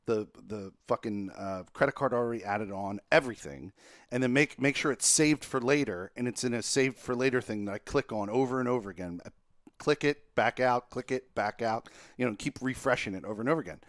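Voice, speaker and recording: A man's voice: a little fast, no room sound, clean studio sound. A young man hosting a gaming podcast, telling a frustrating story with lots of swearing, his voice shooting up when he gets worked up. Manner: profane, animated storytelling, voice jumps high when exasperated. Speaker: podcast host. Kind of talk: casual chat.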